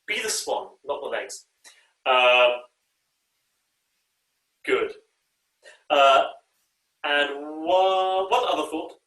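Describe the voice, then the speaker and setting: Over a video call, a man directs an online choir, hesitantly filling pauses with ums and uhs and singing or speaking short passages to model each phrase. His voice sits on the high side with a bright, forceful tone, and he's distant from the mic in an echoey room.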